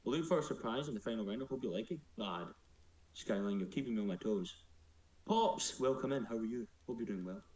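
A man's voice: lowish voice, expressive, a little fast, darkish tone, reverberant. A man chatting casually on a live stream, joking and teasing himself. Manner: playful, joking, self-mocking.

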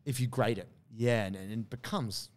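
A man's voice: medium pitch, normal speed, darkish tone. A man, telling a story in casual podcast chat with many fillers and quoted asides. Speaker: podcast co-host.

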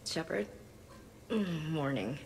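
An actress playing a groggy, hungover female crewmate with a creaky voice, for a video game. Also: deep voice, animated, takes it slowly, a little hiss or hum, full character voice, poor audio.

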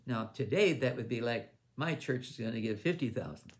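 A man's voice: medium pitch, normal speed, hardly any pauses. An older man, a ministry leader, telling a long personal story at a missions conference in a rambling, informal way, restarting sentences as he goes. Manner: rambling with restarts, acts out others' lines in raised voice.

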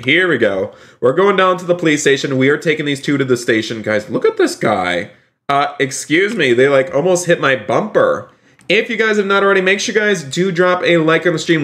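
A man's voice: mid-range voice, fairly bright tone. A man hosting a live game stream, talking cheerfully to his chat and speaking politely and formally as he plays a police officer. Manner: upbeat, keeps addressing the chat as "you guys". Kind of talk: live game-stream commentary with role-play.

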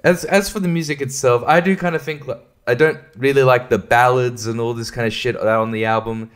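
A man's voice: medium pitch, fairly even intonation, brisk, smooth. A man hosting a casual solo podcast, rambling and swearing freely, often breaking into laughter. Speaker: podcast host.

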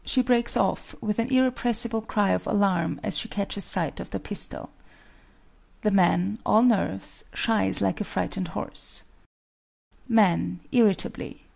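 A woman narrating the stage directions of an audiobook play in an even, measured reading. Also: medium pitch, creaky.

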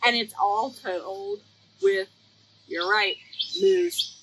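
A woman's voice: medium pitch, big pitch swings, drawn-out words, pauses often, noisy background. A woman hosting a children's library storytime, playful and sing-song as she reads aloud and leads rhymes.

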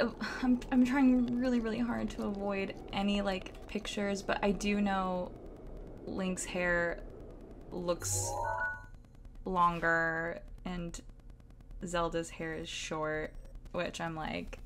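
Slow-talking Southern woman streamer. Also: mid-range voice, background noise. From Southern United States. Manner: chatty and giggly, lots of "like" fillers. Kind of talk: casual gameplay commentary.

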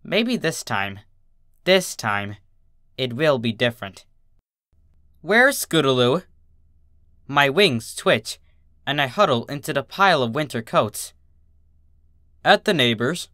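A man narrating a dark story in first person with a slow, halting delivery. His voice is bright and somewhat high, recorded close in a dry space. The reading sounds tense throughout. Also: animated, no room sound. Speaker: fanfiction reader.

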